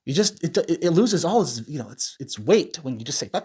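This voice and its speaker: A man's voice: on the high side, very animated, brisk, few pauses, a bit bright, breathy edge. A man hosting a commentary video, ranting in a rambling, profane, self-interrupting way. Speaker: commentary channel host.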